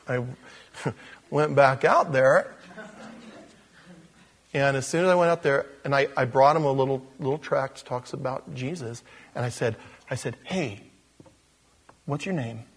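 A man, a pastor, telling a story during a casual, animated sermon in a church. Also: mid-range voice, a little slow, pauses often, a little hiss or hum.

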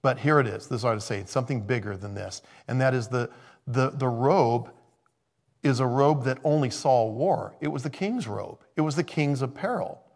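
Male pastor, mid pitch, creaky, chatty sermon delivery that often breaks off and backs up. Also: normal speed, a little mellow. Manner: conversational, thinking aloud, self-interrupting.

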